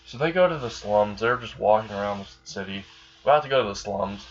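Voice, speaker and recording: A man's voice: on the low side, fairly quick, lo-fi sound, a little hiss or hum. A man casually narrating an improvised fan story, rambling with many fillers.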